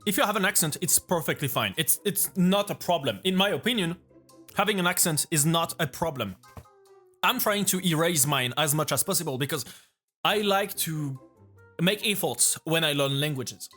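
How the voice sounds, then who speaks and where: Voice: mid-range voice, animated, normal speed, a bit bright, soft background music. A speaker from France with a French accent, casually reacting to a video as a vtuber, rambling and restarting phrases while thinking aloud.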